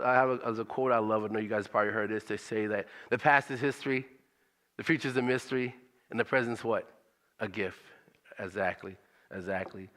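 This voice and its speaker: A man's voice: on the low side, fairly bright tone, long reverb tail. A man speaking at a church service in a conversational, motivational way, repeating his questions for emphasis.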